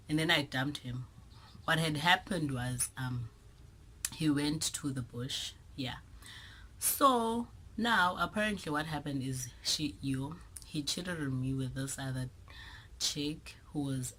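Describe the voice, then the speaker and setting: A young South African woman telling a storytime vlog, animated and dramatic, with whispered asides. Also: rumbling low, slight background noise, poor audio. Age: young adult. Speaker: vlogger.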